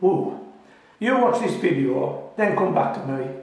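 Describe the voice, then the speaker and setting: A man's voice: a little high, animated, unhurried, a little mellow. A man from the United Kingdom hosting a gardening channel, chatting casually and reassuringly, joking and laughing at himself, sometimes with his mouth full. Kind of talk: casual friendly how-to talk. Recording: very echoey, voice from a distance.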